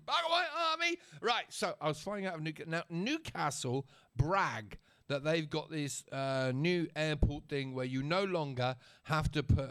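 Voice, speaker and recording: A man's voice: fairly high pitch, clear, resonant tone. A man telling a story to camera in a chatty, sarcastic rant, often checking in with his listener. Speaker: vlogger.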